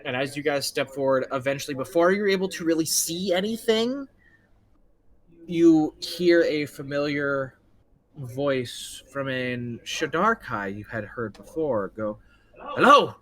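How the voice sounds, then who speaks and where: Man, game master, tabletop narration, slow, relaxed and rambling. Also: a little high.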